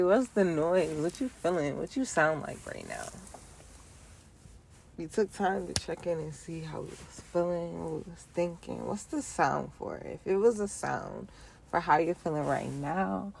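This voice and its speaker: Low-pitched and a little mellow with vocal fry, a woman's voice carries her solo podcast, playful and rhythmic, with slangy, conversational phrasing and lots of laughter. A slight hiss or hum runs under the recording.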